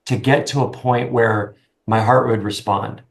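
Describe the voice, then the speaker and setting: Earnest halting man, interview guest. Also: fairly low pitch, steady tone, gravelly. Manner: earnest, halting, frequent restarts. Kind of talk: conversational interview.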